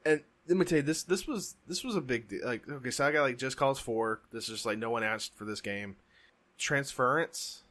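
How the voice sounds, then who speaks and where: A man co-hosting a casual podcast, his voice bright and forceful. He talks emphatically, pushing his points hard in an animated rant. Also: mid-range voice, a little fast. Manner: emphatic, ranting. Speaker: podcast co-host. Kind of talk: casual chat.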